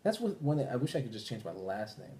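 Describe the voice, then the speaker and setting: A man's voice: mid-range voice, very animated, fast talker, dark tone. A man hosting a podcast, ranting casually and profanely, with mock voices for the people he quotes. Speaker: podcast host. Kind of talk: casual chat.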